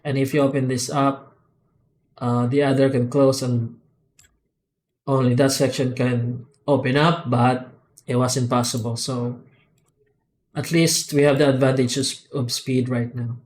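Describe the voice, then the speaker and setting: A man walking through updates to his own software add-ons in an unscripted screen tutorial, talking methodically and pausing often with fillers and restarts. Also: mid-range voice, level tone. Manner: halting, unscripted, with frequent "uh" and "um" pauses and restarts; methodical, explanatory walkthrough. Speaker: software tool developer demonstrating add-ons.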